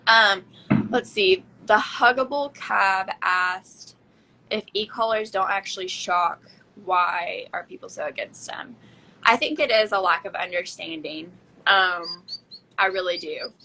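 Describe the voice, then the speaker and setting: A chatty woman hosts an easygoing conversation, her voice bright and forward. She talks loosely, leaning on plenty of fillers as she goes. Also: medium pitch, unhurried, gravelly, a little hiss or hum, poor audio. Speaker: podcast host. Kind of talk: casual chat.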